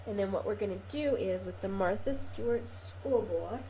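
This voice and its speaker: A woman's voice: medium pitch, normal speed, dark tone, a little hiss or hum. A woman hosting a casual craft tutorial, chatty and rambling with frequent ums and self-corrections, a little sniffly from a cold. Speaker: craft video host.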